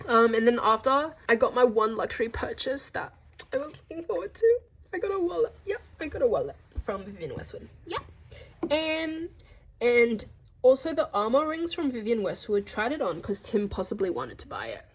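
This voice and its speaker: A woman's voice: fairly high pitch, very animated, moderate pace, husky, low-quality recording. A young woman from Australia narrating a casual travel vlog, chatty and jokey, talking straight to her viewers. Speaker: vlogger.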